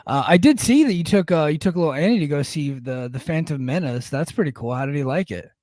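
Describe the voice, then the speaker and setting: A man's voice: fairly high pitch, animated, fast, a little mellow, no echo. A man co-hosting a podcast, chatting in an easygoing way with many fillers. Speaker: podcast co-host. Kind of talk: casual chat.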